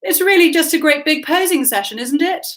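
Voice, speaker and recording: A woman's voice: sits high, expressive, brisk, a bit bright, pitched above the performer's own voice. Woman reading as a breezy, joking young man. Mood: jokey. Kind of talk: audiobook character voice.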